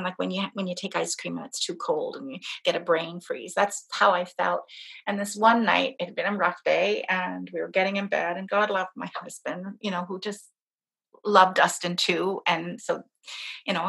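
A woman's voice: mid-range voice, gravelly, fairly bright tone, slightly rough. A woman, an interview guest, telling a personal story with strong emotion and frequent laughter. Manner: emotional, laughs often while telling stories.

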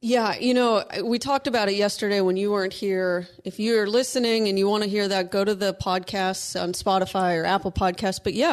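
A woman co-hosting a legal talk show, arguing her points in a brisk, assertive way. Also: medium pitch. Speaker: co-host, lawyer. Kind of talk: casual legal commentary.

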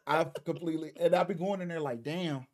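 A man's voice: a little high, fairly even intonation, quick pace, darkish tone. Rambling young man co-host. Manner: loose, rambling, laughs at himself. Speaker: podcast co-host. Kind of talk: casual chat.

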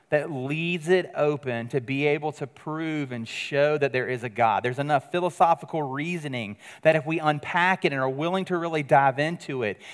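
Preaching man in a reverberant hall. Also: a little high. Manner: earnest, conversational preaching with sudden drops to quiet emphasis. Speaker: pastor. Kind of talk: sermon.

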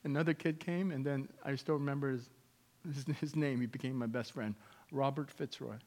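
A male pastor from Canada whose first language is not English, preaching a sermon with personal testimony. He swings between loud exclamations and hushed storytelling. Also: mid-range voice, fairly even intonation, brisk, long reverb tail.

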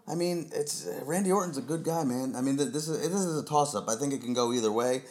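A man's voice: medium pitch, fast, hardly any pauses, darkish tone. A man hosting a casual chat show, giving laid-back, rambling predictions. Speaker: podcast host.

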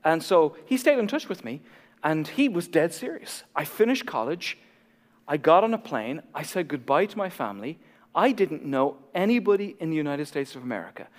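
An Irish man in his forties, a pastor telling his own story in a sermon with animated, self-deprecating humor. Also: a little high, moderate pace, in a large hall. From Ireland.

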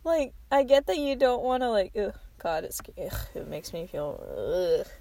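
A woman talks slowly in a gravelly voice that swings widely in pitch. She laughs often, swears freely and pokes fun at herself while co-hosting a casual podcast outdoors at night. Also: very animated, mellow. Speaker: podcast co-host.

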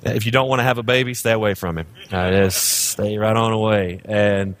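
A man's voice: on the low side, steady tone, moderate pace, fairly bright tone. A man, a guest pastor preaching a humorous sermon, telling jokes and stories about his own family. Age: 30s. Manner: joking, storytelling, self-deprecating.

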